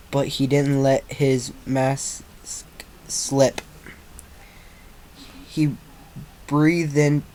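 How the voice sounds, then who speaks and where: A man reading a fan fiction story aloud in an amateur way, halting with slips and restarts. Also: medium pitch, warm tone.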